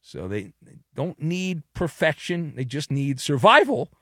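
A man's voice: on the high side, very animated, measured pace, fairly bright tone, no room sound, clean studio sound. A man hosting a sports talk show, delivering a punchy, jokey commentary monologue full of colorful metaphors.

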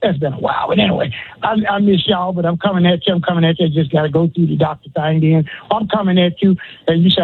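A man's voice: sits high, fairly even intonation, fast, creaky, slightly rough. A man calling into a radio show, rambling casually from topic to topic. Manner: rambling, casual, laughs between phrases. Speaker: radio caller. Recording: tinny phone line.

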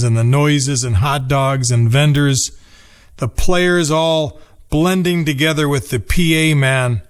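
A man in his fifties from Minnesota reading a nostalgic personal essay in a measured, reflective way. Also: on the high side. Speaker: narrator. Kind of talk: scripted personal essay narration.

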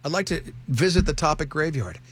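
A man's voice: fairly high pitch, animated, fairly quick, a bit bright, breathy edge. A man hosting a radio show, chatting in a joking, self-deprecating way. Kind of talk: casual radio banter. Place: radio studio.

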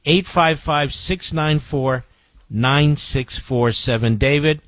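A man's voice: fairly high pitch, slow, fairly bright tone, no room sound. A man hosting a political talk radio show, emphatic and combative, firing off rhetorical questions and reading out ad copy. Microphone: studio microphone.

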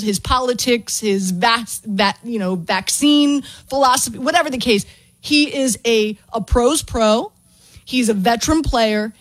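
Female co-host, opinionated and chatty, slightly high, dry studio mic. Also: dry recording. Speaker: sports radio co-host. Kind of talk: casual sports radio talk.

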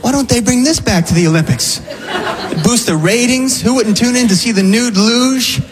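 A man's voice: very high-pitched, normal speed. A man telling wry stand-up style jokes. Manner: wry joke delivery. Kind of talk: stand-up comedy bit. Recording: noisy recording.

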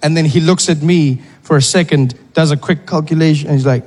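A man's voice: on the high side, fairly quick, darkish tone. A man from South Africa with a South African accent doing a stand-up comedy set, telling stories and slipping into other voices. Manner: storytelling, slips into other voices. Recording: long reverb, faint noise.

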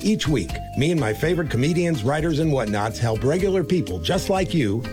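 A man's voice: on the high side, lively intonation, a little fast. A man with a wry, self-deprecating manner reading a scripted podcast ad. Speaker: podcast host in an ad. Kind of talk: scripted radio ad read. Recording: ad spot over music.

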